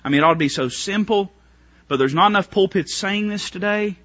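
A pastor with a high, sharp, husky-edged voice preaches a sermon in fervent, stop-start bursts at a brisk pace. He swings between quiet, low passages and loud ones. The recording is dry with no room sound, dull and lo-fi.

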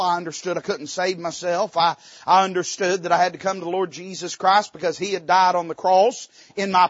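Fervent high-voiced preacher. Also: male voice, dry recording, lo-fi sound. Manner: fervent, folksy, with sudden loud rises and dips. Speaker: pastor. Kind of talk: sermon. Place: church sanctuary.

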